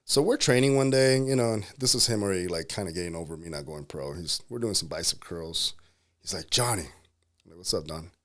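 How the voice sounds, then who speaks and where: A man in his thirties, a pro bodybuilder and entrepreneur, telling stories in a casual interview, animated and quick to laugh. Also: low-pitched. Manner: animated, laughs often, acts out quotes.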